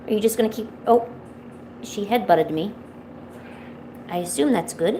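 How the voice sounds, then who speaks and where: A woman's voice: mid-range voice, normal speed, warm tone, slight background noise. A woman live-streaming from home, chatting casually with viewers and cooing baby talk to her cat. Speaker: art streamer.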